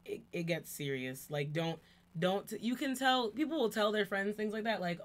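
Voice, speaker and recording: A woman hosting a casual chat, talkative and quick with asides. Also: mid-range voice, animated. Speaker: channel host.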